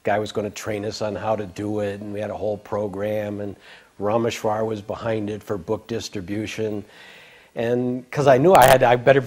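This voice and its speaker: An older man casually recounting a personal memory, rambling with frequent restarts, stammers and soft laughs. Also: lowish voice. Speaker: devotee recalling memories. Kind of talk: casual storytelling.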